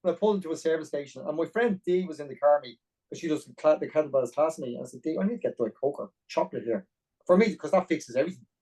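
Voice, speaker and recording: A middle-aged Irish man telling a long personal story as a podcast guest, animated and full of detail. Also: a little high, breathy edge, rough recording. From Ireland. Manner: animated, fast-paced anecdotal storytelling. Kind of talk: storytelling interview.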